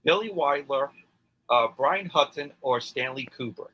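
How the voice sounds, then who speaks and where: A man's voice: medium pitch, animated, measured pace, pushed and bright, rough recording. A man acting as quizmaster, reading trivia questions in a plain, matter-of-fact way during casual chat.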